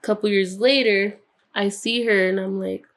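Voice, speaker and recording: A young woman co-hosting a podcast, telling a story in a casual, animated way, swearing freely and acting out the quoted voices. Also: medium pitch, normal speed. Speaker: podcast co-host.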